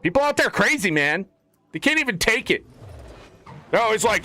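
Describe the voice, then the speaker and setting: A man's voice: high-pitched, lively intonation, normal speed, long pauses, sharp tone, dry recording. A man streaming a game, ranting in a profane, exasperated way.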